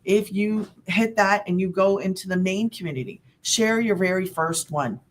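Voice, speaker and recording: A woman's voice: mid-range voice, moderate pace, a little hiss or hum. A middle-aged woman coaching viewers on side hustles in a rambling, upbeat webinar chat. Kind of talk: casual webinar talk.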